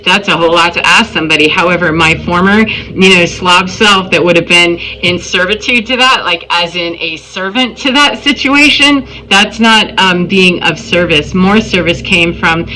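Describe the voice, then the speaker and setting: Her voice runs on the low side, at a moderate pace with hardly any pauses, and sounds pushed and bright. Still telling her story in an emphatic spiritual monologue, the vlogger acts out others' words. There's a little hiss or hum on the low-quality recording.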